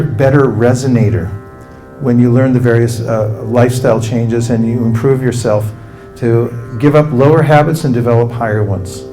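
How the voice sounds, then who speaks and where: Male meditation teacher, calm and instructive, warm dark tone, faint guitar underneath. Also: medium pitch. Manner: calm, instructive, leads the audience through chanting. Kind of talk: spiritual talk with guided mantra chanting.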